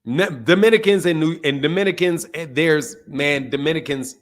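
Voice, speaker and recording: Man, high voice, boxing channel host, casual stream rant, profane, repetitive, fired up. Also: moderate pace.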